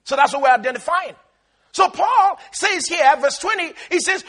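A man preaching a sermon with emphatic call-and-response exhortation, swinging between shouts and quiet asides. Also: very high voice, animated, moderate pace.

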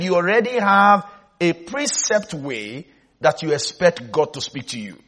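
A male preacher giving a sermon, emphatic, repeating key words and often asking whether listeners are following. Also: sits high.

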